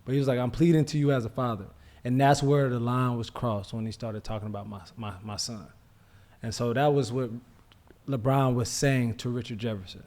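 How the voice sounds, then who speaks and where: A man co-hosting a casual sports podcast, retelling events in a relaxed way with plenty of quoted speech. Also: medium pitch, moderate pace. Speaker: podcast co-host.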